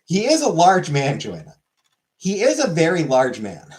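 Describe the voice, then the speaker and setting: A man's voice: a little high, huge pitch swings, moderate pace, a little mellow. A man chatting casually on a livestream, rambling and offhand, swearing now and then.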